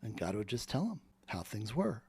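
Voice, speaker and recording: A man's voice: fairly low pitch, very animated, normal speed, gravelly, mellow, slightly rough, no room sound. Fervent man in a rambling monologue. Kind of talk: spoken monologue.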